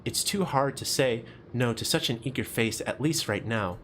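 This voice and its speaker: Young guy reading a visual novel out loud, chatty side comments, normal pitch. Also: normal speed, a little hiss or hum. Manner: casual, chatty asides with laughter. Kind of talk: reading a game aloud with casual commentary.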